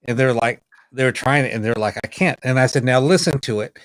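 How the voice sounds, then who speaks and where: A man's voice: medium pitch, fast talker, no room sound, rough recording. A man co-hosting a podcast, telling a story in casual chat and acting out the quoted lines of other people. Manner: animated, acts out quoted dialogue. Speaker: podcast co-host, paranormal investigator.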